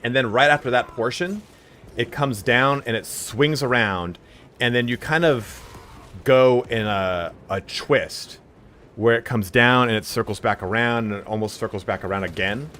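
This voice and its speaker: A man live-streaming a game, chatting casually and telling stories in a loud, animated voice. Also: medium pitch, moderate pace, slight background noise.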